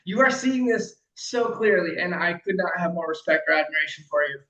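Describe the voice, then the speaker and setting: A man coaching a client in casual conversation, emphatic and animated, swearing freely and acting out quotes loudly. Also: high voice, moderate pace, roomy sound, muffled recording. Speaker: life coach.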